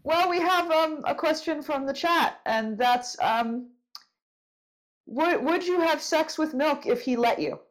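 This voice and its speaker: A woman's voice: high voice, a little slow, low-quality recording. A woman hosting a casual podcast interview over a call, teasing her guest and reading questions from the chat. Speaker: podcast host.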